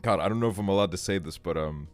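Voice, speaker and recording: A man's voice: sits low, racing, faint music behind. A young man streaming a game, telling a casual story in a rambling way, full of fillers and swearing. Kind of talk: casual storytelling while gaming.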